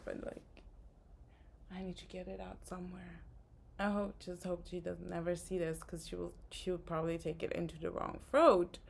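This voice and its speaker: A woman's voice: fairly low pitch, gravelly. A woman vlogger in a casual, rambling rant, sounding tired and frustrated. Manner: rambling, frustrated, many fillers. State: tired, exhausted. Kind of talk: casual spoken rant to camera.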